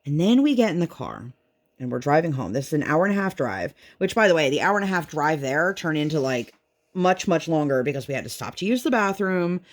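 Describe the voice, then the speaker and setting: A woman chatting casually at home while she crafts, venting and telling her story in an animated way. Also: deep voice, brisk. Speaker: vlogger and mother.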